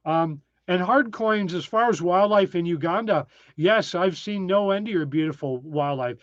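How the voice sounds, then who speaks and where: A man hosting a relaxed live stream, talking through viewer comments with frequent ums and uhs. His voice sits slightly high, and the sound is dry and a little dull, like home stream audio. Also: moderate pace, no echo. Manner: chatty, reads viewer names, frequent ums. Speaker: live-stream host reading chat. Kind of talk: casual live-stream chat. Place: tiny desert cabin, indoors.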